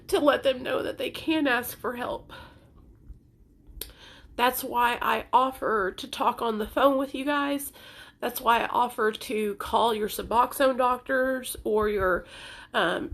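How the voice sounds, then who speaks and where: Young woman, high voice, crying through an earnest personal vlog. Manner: tearful, earnest, pleading. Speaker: content creator sharing recovery story.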